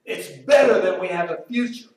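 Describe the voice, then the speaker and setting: A man preaching a sermon, turning loud and emphatic as he quotes, then dropping quiet and slow to reflect. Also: sits high, animated. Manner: emphatic, rises loud when quoting Job, drops quiet and slow to reflect. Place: church sanctuary. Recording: very echoey room, voice from far off.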